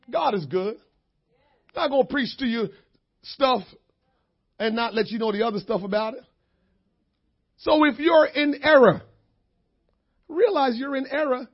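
A high-pitched man preaches a fiery sermon in church. He drops low and then rises to full-throated, impassioned shouts. The recording is dull and lo-fi. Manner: impassioned, swings from hushed to shouting.

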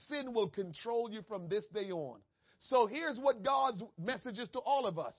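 Pastor, male, very high voice; sermon delivery that swings from hushed to shouting, muffled lo-fi sound. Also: lively intonation, normal speed. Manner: preaching with big swings from soft asides to shouting.

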